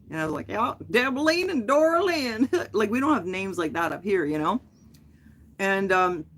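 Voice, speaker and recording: A woman's voice: on the low side, slight background noise. A middle-aged woman hosting a livestream, telling a long story in a casual, rambling way, full of fillers and self-corrections. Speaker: livestream host.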